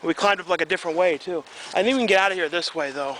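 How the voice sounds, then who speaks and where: A young man with a hoarse voice, chatting and joking to camera in a casual vlog, recorded on a camcorder. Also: high-pitched, racing, a bit bright, rough recording. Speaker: vlogger. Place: outdoors in woods, then indoors at home. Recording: faint background noise.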